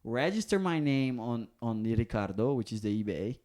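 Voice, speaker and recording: The speaker is a male comedian with a Brazilian accent, co-hosting a podcast and spinning stories in relaxed conversation. He brings the characters to life by imitating their voices, speaking at medium pitch and a moderate pace.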